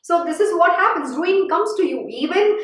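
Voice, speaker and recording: High-voiced woman preaching in echo. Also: animated, moderate pace. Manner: emphatic, admonishing, repeats warnings. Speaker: spiritual teacher. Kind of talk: sermon-style scripture exposition. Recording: very echoey room.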